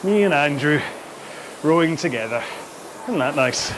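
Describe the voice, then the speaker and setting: A man's voice: on the high side, expressive, unhurried, background noise. A man hosting a live rowing workout, chatty and out of breath between sprints, on a throat-worn microphone in his home studio. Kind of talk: live follow-along workout chat.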